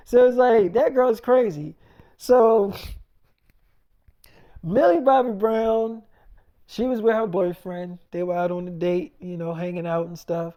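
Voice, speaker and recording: A woman's voice: medium pitch, unhurried, long pauses, mellow. A woman casually retelling a made-up story in slangy speech, full of quoted dialogue. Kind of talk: freestyle storytelling.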